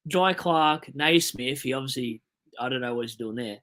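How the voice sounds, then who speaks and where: A young Australian man talks on a livestream, loose and rambling, his voice sitting at an ordinary middle pitch. He reads viewer messages aloud and answers them as he goes. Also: moderate pace, a bit bright. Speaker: livestream host. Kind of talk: casual livestream chat.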